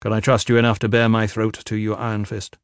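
A man voicing a weary, guarded lord who speaks quietly with dry humor in an audiobook. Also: on the low side, monotone, fast, clean tone, no room sound, natural voice. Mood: wry. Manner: quiet, wry.

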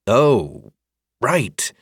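A man's voice: medium pitch, sing-song, very slow, husky, no echo, clean studio sound, exaggerated voice. A man doing a wary, polite young boy. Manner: guarded, polite. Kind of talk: audiobook character voice.

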